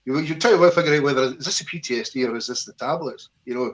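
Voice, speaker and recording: A Scottish man and army veteran, talking as an interview guest in a casual, animated storytelling way, swearing freely and acting out voices. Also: medium pitch, quick pace, dull audio.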